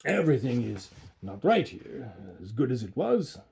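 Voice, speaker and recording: A man's voice: mid-range voice, sing-song, normal speed, vocal fry, darkish tone. A man voicing a cruel, gloating old male alchemist in a storybook reading, with a harsh, grating voice that hisses and lisps. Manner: hissing, lisping, roaring at times.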